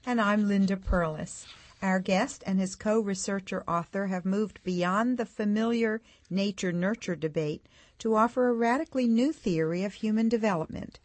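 A woman co-hosting a radio show, reading a formal guest introduction in a crisp manner. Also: mid-range voice, a little mellow, dry recording.

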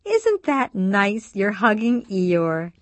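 A woman voicing a gentle, playful woman who speaks in high, sing-song baby talk to a toddler. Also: very animated, slow, no echo. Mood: cooing delighted.

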